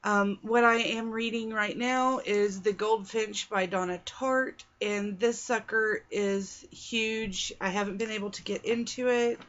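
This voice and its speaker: A woman's voice: mid-range voice, steady tone, measured pace, few pauses, a bit bright. A young woman casually reviewing books on her vlog, talking in a chatty, rambling way with fillers and restarts. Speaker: book reviewer. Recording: dull lo-fi sound.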